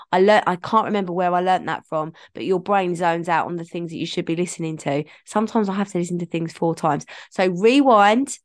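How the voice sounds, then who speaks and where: Rambling chatty woman podcaster. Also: lowish voice. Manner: chatty, rambling, self-interrupting, laughs at herself. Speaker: podcast host and coach. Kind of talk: solo podcast monologue.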